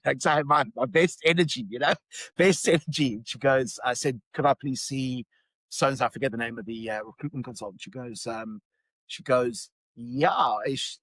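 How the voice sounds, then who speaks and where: A middle-aged South African man appears as a podcast guest, telling a personal story in conversation with plenty of fillers and restarts. His mid-range voice is a bit bright, and the audio is poor with no room sound.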